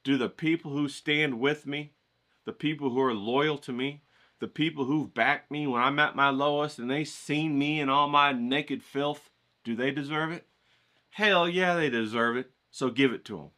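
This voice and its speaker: A man's voice: mid-range voice, normal speed, pushed and bright. A man giving a folksy, profane motivational rant to his stream audience. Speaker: art streamer.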